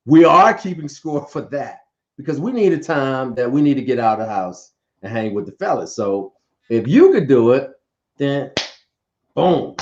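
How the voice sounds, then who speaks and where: Animated man giving playful relationship advice. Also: mid-range voice, normal speed, highs cut off. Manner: animated, playful, repeats words when excited. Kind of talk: casual relationship talk.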